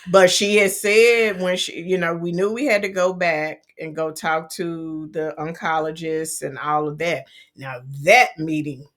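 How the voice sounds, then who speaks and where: A woman's voice: lowish voice, steady tone, a little slow, hardly any pauses, fairly bright tone. Middle-aged woman on a podcast, retelling a story earnestly, lots of restarts, plain voice. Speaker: podcast co-host. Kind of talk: casual conversation.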